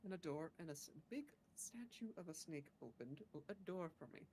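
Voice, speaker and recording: A woman voicing a blunt, curious young adventurer woman, speaking in short, plain, deliberate statements. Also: fairly low pitch, lively intonation, a little mellow, a little hiss or hum, lightly acted. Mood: matter-of-fact.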